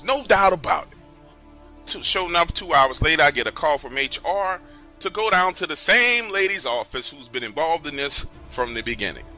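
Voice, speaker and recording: A man telling a first-person true story in a casual, slangy, animated way. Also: on the high side.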